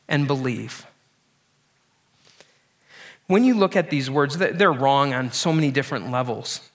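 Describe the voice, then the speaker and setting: A man preaching a sermon, earnest and emphatic, often repeating words and dropping low and slow on key lines. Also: a bit bright. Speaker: pastor.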